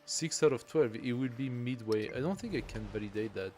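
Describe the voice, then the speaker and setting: A man's voice: medium pitch, expressive, a little fast, darkish tone, a little hiss or hum. A man streaming a strategy game, thinking aloud and reading game text as he plays. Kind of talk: casual live gameplay commentary.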